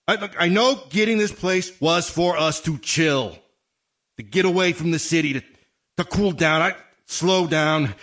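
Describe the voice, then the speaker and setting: A man speaking one-sided dramatic monologues, halting and stammering with nervous restarts. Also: on the high side, a bit bright.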